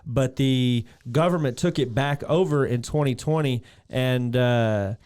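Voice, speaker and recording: A man on a podcast shares trivia in a casual tone and throws in edgy jokes. His voice is clear and smooth. He sounds relaxed, like he is chatting with a friend. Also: medium pitch, measured pace. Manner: joking, reads out background facts. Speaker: podcast co-host.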